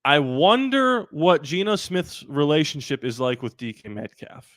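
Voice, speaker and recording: A man hosting a live sports talk stream, animated and rambling with quick asides. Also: fairly high pitch, no room sound, clean studio sound. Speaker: sports channel host.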